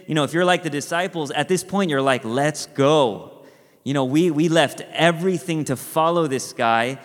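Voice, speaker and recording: A man's voice: fairly high pitch, in a large hall. A man preaching a sermon in a conversational way, acting out quotes and adding rhetorical asides.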